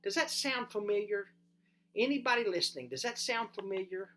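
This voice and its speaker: Brief: pastor delivering a sermon, animated emphasis that drops to soft, low asides, addresses listeners with questions. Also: brisk, slight background noise. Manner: lively, swings from loud emphasis to soft and low.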